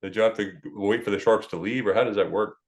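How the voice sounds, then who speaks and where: A man hosting a casual interview, offering short affirmations and relaxed questions. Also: lowish voice, fast talker. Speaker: interview host.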